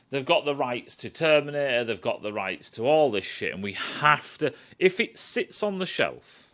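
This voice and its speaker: A man's voice: mid-range voice, a bit bright. A man ranting in a casual, sweary, sarcastic review. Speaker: film and TV reviewer.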